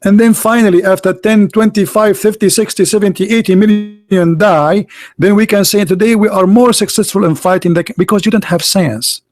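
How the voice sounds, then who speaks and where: With fairly even intonation and a fairly quick pace, this street debater argues his monologue emphatically and with scorn, repeating himself and alternating loud outbursts with low asides while faint music plays behind him.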